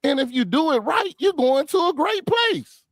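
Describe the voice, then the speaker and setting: A man talking about faith in a casual discussion, animated and full of conviction, often restarting his phrases. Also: extremely high pitch, normal speed, vocal fry, no echo.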